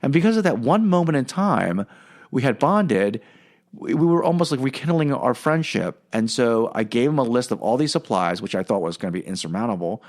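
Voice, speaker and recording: A man's voice: medium pitch, sing-song, brisk. A man hosting a podcast, telling a long personal story in a casual, rambling way with lots of fillers and restarts. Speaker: podcast host.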